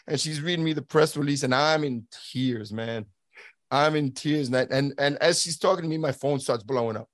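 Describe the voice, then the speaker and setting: Speaking a little fast in a mid-range voice, this guest, a middle-aged ex-border agent, recounts a personal story with earnestness. He performs the lines of people he quotes and often starts sentences over. The audio is dry, clean studio sound.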